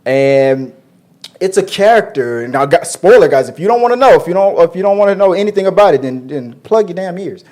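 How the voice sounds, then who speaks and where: A man's voice: high voice, animated, fairly quick, a little mellow. A man hosting a casual entertainment news show, loose and joking, with frequent fillers and restarts. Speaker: podcast host.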